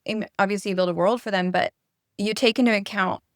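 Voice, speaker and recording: A woman co-hosting a podcast, speaking in reflective, soft-spoken asides. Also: medium pitch, steady tone, fast talker, no room sound, studio quality. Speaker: podcast co-host. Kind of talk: casual interview chat.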